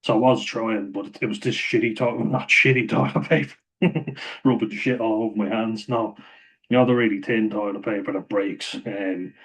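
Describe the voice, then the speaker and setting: A man's voice: fairly low pitch, fairly even intonation, moderate pace, poor audio. A man telling a rambling story to camera, swearing freely and laughing often mid-sentence. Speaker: vlogger.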